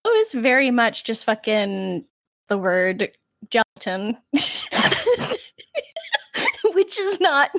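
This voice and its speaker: A woman co-hosting a podcast, chatting casually with lively storytelling, laughter and swearing. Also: on the high side, slow, gravelly, pauses often, no room sound, clean studio sound. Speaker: podcast co-host. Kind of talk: casual chat.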